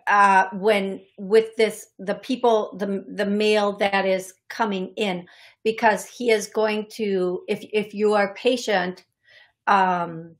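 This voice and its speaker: A middle-aged woman hosting a call-in radio show as a psychic medium, talking in a halting way with many fillers and restarts. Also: medium pitch.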